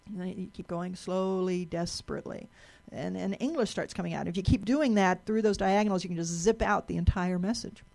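A woman's voice: lowish voice, steady tone, brisk, creaky, a little mellow. A woman giving a live presentation to an audience in a lecture room, chatty and explanatory, often restarting and repeating words.

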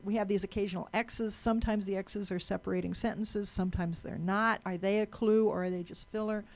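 A woman's voice: mid-range voice, steady tone, a little fast. A woman giving a talk to a live audience, chatty, asking the room questions and often repeating and restarting words.

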